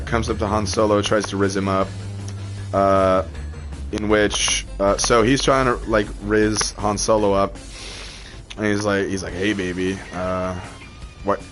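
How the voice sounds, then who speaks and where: A man's voice: fairly low pitch, fairly bright tone. A man chatting casually over gameplay, rambling through a story with lots of fillers and laughs. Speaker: gaming channel host.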